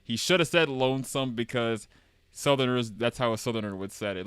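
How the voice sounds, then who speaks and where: A man's voice: on the low side, fast talker, a bit bright, dry recording. A man streaming a game, joking as he reads, stumbling over names and laughing at himself. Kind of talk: game live stream commentary.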